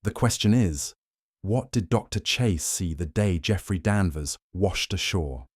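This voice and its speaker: A man voicing a shrewd, fastidious Belgian detective who talks in a courteous, probing way and slips in French phrases. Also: deep voice, animated, slightly rough, no echo, clean studio sound, heavily acted.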